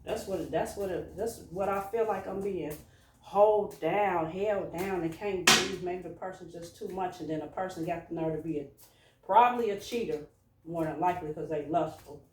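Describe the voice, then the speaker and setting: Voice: mid-range voice, moderate pace, recorded from a distance. Informal tarot reader, loose and musing, recorded in a room with echo and faint background hiss. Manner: musing, informal, talks to a collective audience. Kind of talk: casual spoken tarot reading. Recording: echoey room, voice away from mic.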